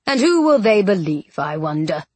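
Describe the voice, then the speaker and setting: A woman's voice: on the low side, big pitch swings, moderate pace, a little mellow, slightly rough, no room sound. A woman reading as a smug older villainous duke. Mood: menacing. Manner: silky and condescending. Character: scheming aristocratic male villain, older, smug.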